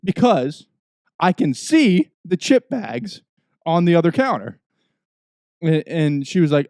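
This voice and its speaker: A young man, a podcast host, telling a profane, ranting story in casual chat, swinging between low mutters and loud outbursts. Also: lively intonation, slow, long pauses, no room sound.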